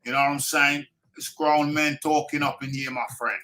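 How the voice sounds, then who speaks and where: A man's voice: fairly high pitch, fairly even intonation, normal speed, sharp tone, soft background music. A man hosting a live boxing talk show, insistent, repeating himself and talking over his guests. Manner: insistent, repeats phrases, talks over others; pushes viewer buttons like a presenter.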